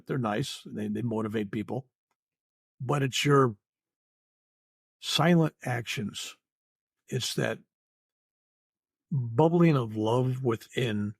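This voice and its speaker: Older male reverend, podcast guest. Husky, dry close sound, earnest, meandering delivery. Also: medium pitch, dry recording. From United States. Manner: earnest, rambling, repeats words and says "you know" often. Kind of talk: spiritual podcast interview.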